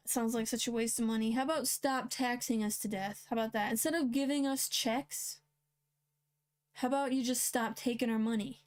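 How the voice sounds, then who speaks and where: A woman with a somewhat high voice reads news headlines aloud as host. She breaks in with blunt, sarcastic remarks in a casual, unscripted way. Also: steady tone, moderate pace. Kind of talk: reading and commenting on news headlines.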